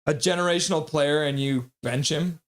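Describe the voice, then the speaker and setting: Male streamer, fairly high voice, live hockey play-by-play with chat reading. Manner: rapid play-by-play, bursts into loud excited voices when reading chat.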